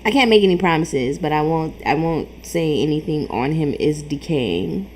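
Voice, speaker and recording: A woman's voice: low voice, expressive, normal speed, a little mellow, a little hiss or hum. A woman commenting on stream clips, teasing the streamer and laughing at him. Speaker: reaction commentator. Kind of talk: mocking commentary over clips.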